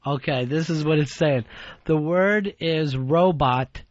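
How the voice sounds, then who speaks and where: A man hosting a talk radio show, bantering in a dry, teasing way with quick comebacks. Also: on the high side, no room sound. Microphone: studio microphone. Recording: dull, dry studio broadcast sound.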